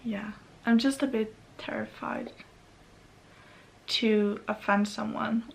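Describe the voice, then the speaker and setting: A woman's voice: on the high side, steady tone, takes it slowly, creaky, a little hiss or hum. Rambling Norwegian woman vlogging. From Norway. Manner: rambling, self-correcting, nervous. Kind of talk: casual vlog monologue. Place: at home near her computer.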